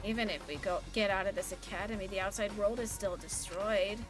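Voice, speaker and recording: A woman's voice: medium pitch, fairly even intonation, a little fast. A woman streaming a game live, chatting casually with plenty of swearing and reading the characters' lines aloud with gusto. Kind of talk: live let's-play commentary. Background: game music.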